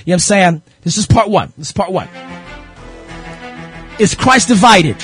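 A man's voice: sits high, lively intonation, moderate pace, fairly bright tone, faint music behind. A male radio host preaching fervently, repeating phrases and firing rhetorical questions at his listeners. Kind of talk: impassioned radio sermon.

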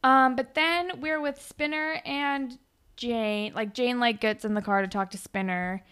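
A woman co-hosting a casual podcast, recapping a TV episode in a chatty way with lots of fillers and quick acted-out quotes. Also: on the high side, steady tone, a bit bright, smooth. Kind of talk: casual chat.

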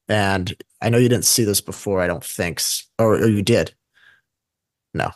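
A man's voice: lowish voice, normal speed, no echo. A man co-hosting a casual investing show, talking in a rambling way and often correcting himself mid-sentence. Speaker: podcast co-host.

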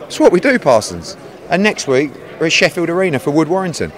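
A man in his forties speaks with a lively, swooping delivery as he mocks his interviewer. He swears freely and teases in a casual, animated way. The talk is recorded outdoors in a city. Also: on the high side, quick pace. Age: 40s. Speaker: boxing promoter interviewed. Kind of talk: teasing casual banter.

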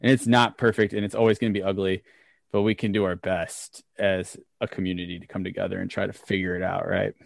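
A man's voice: low-pitched, brisk, vocal fry, dry recording. A man co-hosting a podcast, chatting casually and telling a story, tagging his sentences with "right?". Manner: relaxed, tags sentences with "right?". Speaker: podcast co-host.

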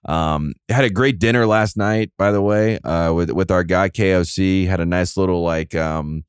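A man's voice: deep voice, normal speed, clean tone, no room sound, studio quality. A man hosting a casual sports podcast, rambling and self-mocking, with lots of fillers and restarts. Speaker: podcast host.

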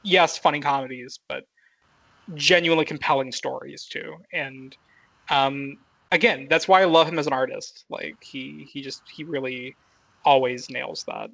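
A man's voice: medium pitch, steady tone, normal speed, vocal fry, a bit bright, no echo, rough recording. A young man co-hosting a podcast, rambling casually with lots of fillers and frequent laughs. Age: young adult. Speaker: podcast co-host.

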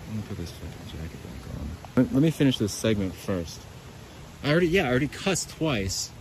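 Low-voiced man rambling outdoors. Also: lively intonation, fairly quick, darkish tone, slight background noise, low-quality recording. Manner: rambling, swears freely, self-mocking. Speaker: podcast host. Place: outdoors by a creek.

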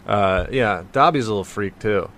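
A man's voice: fairly low pitch, normal speed, fairly bright tone, a little hiss or hum. A man co-hosting a podcast in casual comedic chat, laughing often and mocking quotes he reads aloud. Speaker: podcast co-host.

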